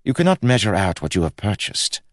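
A man voicing a playful, teasing young prince of about twenty, calm and wryly amused. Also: on the low side, fairly quick, dry recording, studio quality, voice pushed up.

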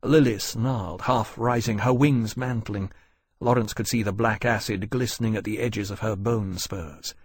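Casting: male audiobook narrator, husky, dry close studio sound, measured delivery. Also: fairly low pitch, fairly even intonation, no room sound. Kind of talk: scripted narration.

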